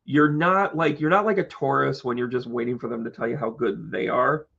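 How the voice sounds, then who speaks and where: A man's voice: mid-range voice, steady tone, fairly quick, creaky, fairly bright tone, husky, highs cut off. A man hosting an astrology live stream, chatty and joking, talking to his viewers by name. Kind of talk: casual live stream chat.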